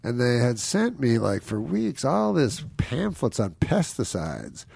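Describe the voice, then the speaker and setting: A man's voice: mid-range voice, huge pitch swings, unhurried, vocal fry, darkish tone, breathy edge, no room sound. A man, a guest comedian, telling a rambling anecdote, chuckling often and mimicking the people in it. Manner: meandering storyteller, chuckles often, mimics people in his stories.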